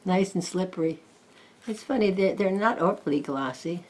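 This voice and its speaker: An older woman gently chatting as she flips through and reviews a deck of oracle cards, with admiring asides. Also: on the low side, normal speed. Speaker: tarot card reviewer. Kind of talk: casual card flip-through chat.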